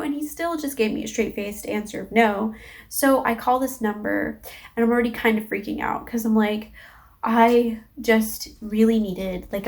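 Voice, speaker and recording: A young woman recounts a stressful personal story straight to the camera in a casual vlog. She talks candidly and expressively, with plenty of swearing. She acts out the dialogue of the people in her story as she goes. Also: on the high side. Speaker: vlogger.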